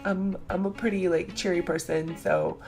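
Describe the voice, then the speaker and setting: Chatty excitable young woman vlogger. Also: on the low side, normal speed, faint music behind. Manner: chatty and excitable, many fillers and acted-out quotes. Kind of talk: casual storytelling vlog.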